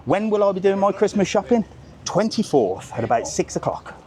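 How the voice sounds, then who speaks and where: His voice sits high and sing-song, a little fast, with a darkish tone. He's a middle-aged man out walking in a seaside market town for a casual vlog, chatty, ranting, and swearing freely.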